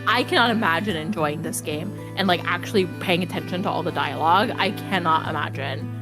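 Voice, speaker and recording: Over game music, a woman streamer vents her frustration with a game, cursing freely as she chats casually with her live-stream audience. Her voice is on the low side and her pace fairly quick.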